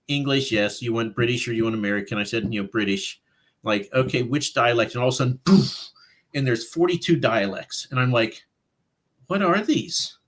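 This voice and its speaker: Male author guest, conversational, animated, self-quoting storyteller. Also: mid-range voice. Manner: animated, quotes his own thoughts in voices, laughs often. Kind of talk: casual interview chat.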